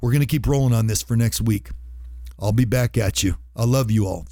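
A man's voice: medium pitch, brisk, mellow, faint music behind. A man hosting a radio show, talking to listeners in an earnest, emphatic way and repeating his points for stress. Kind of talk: heartfelt motivational radio talk.

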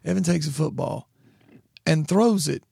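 A man's voice: on the high side, a little slow, vocal fry, dark tone, breathy edge, dry recording, studio quality. A man co-hosting a podcast, telling stories in a wry, self-mocking way. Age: 40s. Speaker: podcast co-host. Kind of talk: casual chat.

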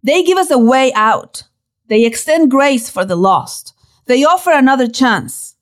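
Woman, Bible teacher, devotional narration, dramatic rhetorical questions, fairly high animated voice. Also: a little slow.

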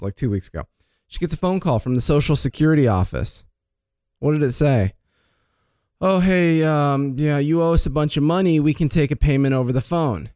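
A man who is a financial planner, chatting on a talk show. He tells stories in an animated way, acting out quoted lines and often restarting and repeating words. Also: medium pitch, no echo, studio quality. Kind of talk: casual radio chat.

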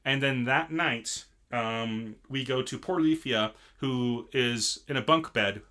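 Bright-voiced man recapping an episode. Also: medium pitch, slow pace. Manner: rambling with many fillers and restarts. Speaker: podcast co-host. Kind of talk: casual anime episode recap.

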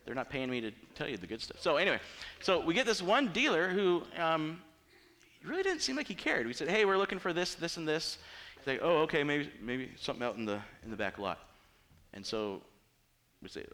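A middle-aged man preaching in a loose, conversational way, with a bright, forceful tone. His pitch climbs and dips all over the place as he acts out the people in his stories. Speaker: pastor. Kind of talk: sermon.

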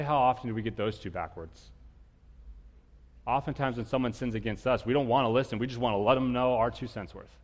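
A married man preaching to his congregation, asking them questions and getting loud and animated when he tells stories. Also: medium pitch, long reverb tail. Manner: animated storytelling, rising loud when telling anecdotes; addresses congregation directly with questions. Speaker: pastor. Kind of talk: sermon.

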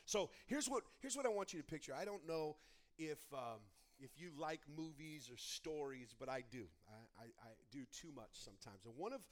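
A young man delivers a sermon in a fairly high voice. He talks in an animated storytelling way, often restarting his sentences. His energy rises and falls as he builds toward his point. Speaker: pastor.

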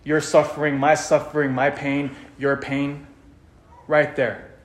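A man preaching a sermon and telling the story dramatically, dropping to a hush and then rising loud. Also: on the high side, level tone, a little slow. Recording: echoey room.

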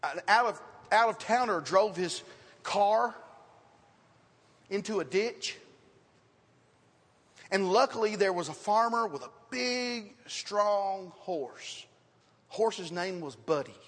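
Male preacher, high-pitched and lively, telling church stories, heard in a reverberant sanctuary. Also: slow, long pauses. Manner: animated storytelling with scripture quotes. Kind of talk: sermon. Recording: reverberant hall.

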